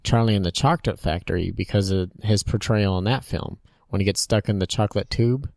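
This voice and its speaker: A man's voice: lowish voice, a little fast, darkish tone, dry recording, clean studio sound. A man co-hosting a casual podcast, joking around and tossing in wisecracks. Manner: joking, laughs a lot, wisecracks. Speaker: podcast co-host.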